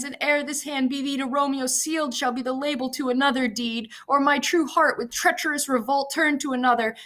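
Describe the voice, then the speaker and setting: A woman reading a defiant, desperate teenage girl in a Shakespeare scene, her voice lifting high and impassioned. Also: fairly bright tone, lightly acted. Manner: high, impassioned, rising to cries.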